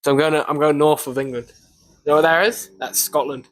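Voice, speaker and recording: A young man co-hosting a casual podcast, agreeable and joking, often answering with a quick yeah. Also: fairly high pitch, fairly even intonation. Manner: agreeable, many short yeahs, joking. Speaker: podcast co-host. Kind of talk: casual chat.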